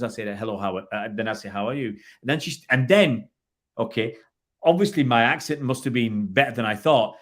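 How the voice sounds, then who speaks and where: A middle-aged man from England co-hosting a casual chat, rambling through jokey anecdotes with many restarts. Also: mid-range voice. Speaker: co-host.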